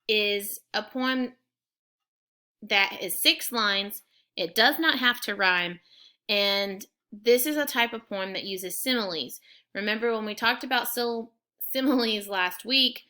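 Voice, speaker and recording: A woman teacher talks students through a recorded lesson with a bright, clear voice. She explains each point patiently and step by step, at a middle pitch.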